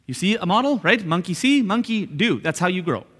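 A man's voice: high-pitched, very animated, fairly quick, a bit bright. A man preaching a sermon as pastor, talking conversationally and repeating his points with frequent "right?" asides. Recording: long hall reverb.

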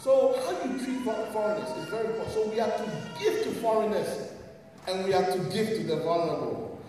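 Animated pastor in echoey hall. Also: male voice, high-pitched, fairly quick, recorded from a distance. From England. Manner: animated and joking, repeats lines for emphasis, calls for amen. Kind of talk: sermon. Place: large church hall.

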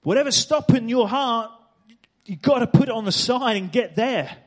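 A man preaching from a church stage, his voice sitting notably high for a man. He drives his points home by repeating phrases and pressing the congregation with rhetorical questions. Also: normal speed. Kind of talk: sermon.

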